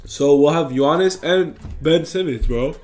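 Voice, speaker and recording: A man's voice: fairly high pitch, measured pace, faint music behind. A young man giving casual, rambling commentary on basketball card predictions, reading stat lines aloud and correcting himself as he goes. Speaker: gaming YouTuber.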